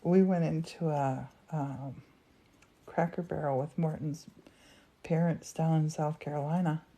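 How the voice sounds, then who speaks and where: A middle-aged woman with an American accent, chatting warmly and laughing often while co-hosting a live crafting stream. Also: deep voice, fairly even intonation, unhurried. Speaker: co-host of a live glassmaking stream. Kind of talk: casual chat.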